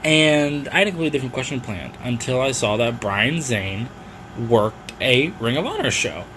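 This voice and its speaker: A man's voice: mid-range voice, lively intonation, moderate pace, a bit bright, slight background noise, rough recording. Playful man leaving a recorded question. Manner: playful, jokey sign-off. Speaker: caller leaving a voice message.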